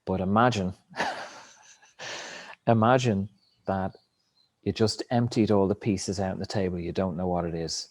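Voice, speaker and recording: A man's voice: sits low, fairly even intonation, unhurried, long pauses, no room sound. A man talking in a rambling, reflective spiritual monologue, cursing now and then. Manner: rambling, reflective, swears casually.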